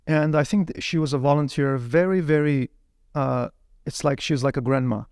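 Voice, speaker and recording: A man telling his life story as an interview guest, animated, often repeating words while he searches for the next one. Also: on the high side, normal speed, clean tone, dry recording, clean studio sound. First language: Uyghur.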